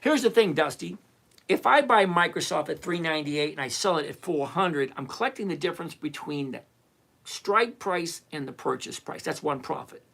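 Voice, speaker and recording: A man's voice: fairly high pitch, moderate pace, gravelly. A man hosting a livestream on trading, answering viewers' chat questions in a casual, teasing, emphatic way. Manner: animated, teasing, emphatic with repetition.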